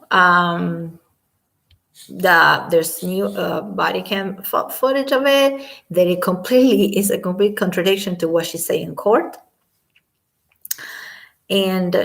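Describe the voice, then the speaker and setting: Woman, vocal fry, ranting vlog commentary, emphatic and repetitive. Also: medium pitch. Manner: indignant, emphatic, repeats herself. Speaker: commentary vlogger. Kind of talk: casual spoken commentary.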